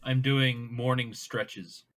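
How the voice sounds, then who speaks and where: A man's voice: mid-range voice, steady tone, slow. A man playing in a casual tabletop game, making dry, sardonic remarks. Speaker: player. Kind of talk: casual tabletop role-play.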